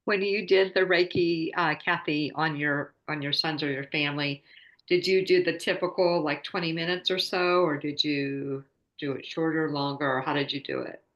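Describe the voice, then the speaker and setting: A woman's voice: low-pitched, fairly even intonation, normal speed, fairly bright tone, dull audio. A woman hosting a podcast in casual chat, easygoing and affirming, often answering with short responses. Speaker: podcast host.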